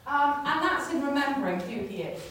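Woman, casual sermon, lively pitch, distant mic, reverberant hall, faint background noise. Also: fairly quick. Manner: chatty, laughing, addressing the congregation. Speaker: preacher. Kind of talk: church talk.

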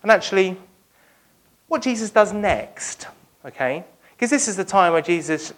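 A preacher giving a lively sermon, retelling a Bible story and acting out its dialogue for the congregation. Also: medium pitch, fairly quick. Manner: speaks directly to the congregation.

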